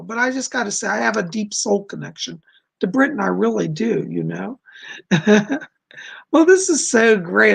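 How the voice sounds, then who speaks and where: An effusive American man chatting on his live stream. His voice sits high for a man, with a gravelly, husky edge. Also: a bit bright. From United States. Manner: effusive, gushing. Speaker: psychic host. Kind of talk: casual live stream chat.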